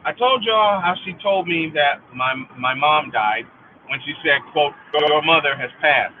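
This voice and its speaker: A middle-aged man vents on his livestream in an unhurried but angry, profanity-filled monologue, saying lines again to drive them home. His voice is a little high; the recording sounds tinny, like a phone, with a little hiss or hum.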